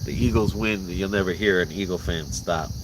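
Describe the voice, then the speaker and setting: A man's voice: deep voice, normal speed, background noise. A man from Puerto Rico chatting casually on a vlog, laughing and joking about sports with some swearing. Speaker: vlog host. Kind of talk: casual chat. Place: outdoors in rural mountains at night. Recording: outdoor recording, loud crickets. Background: loud crickets and insects.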